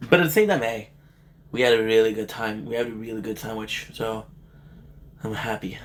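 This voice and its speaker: A man's voice: on the low side, a little fast, a little hiss or hum. A man live streaming, chatting casually and joking with his viewers before moving on to game commentary, sounding tired and a little sick. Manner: laid-back, joking banter with chat. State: tired and feeling a bit sick.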